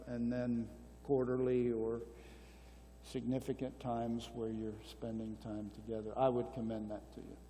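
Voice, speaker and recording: A man's voice: mid-range voice, dark tone, a little hiss or hum. Older man exhorting in a church hall. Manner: earnest and exhortative, repeats key phrases. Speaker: conference speaker. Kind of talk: Q&A answers at a marriage conference. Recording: long reverb of a church hall.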